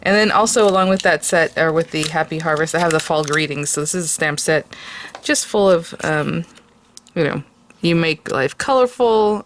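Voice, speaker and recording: A woman's voice: low-pitched, moderate pace, fairly bright tone, dry recording. A woman hosting a craft video, chatting casually with many fillers as she shows supplies. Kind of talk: casual product review and tutorial.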